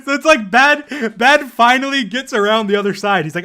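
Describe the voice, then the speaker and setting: A man casually commentating over his own gameplay footage, rambling fast with lots of fillers and frequent laughs. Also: sits high, lively intonation, bright, forceful tone.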